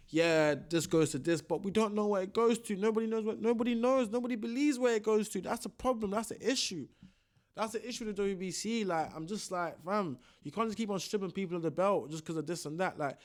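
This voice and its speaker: A young man giving casual boxing commentary, slangy and ranting, often repeating himself. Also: sits high. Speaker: boxing vlogger.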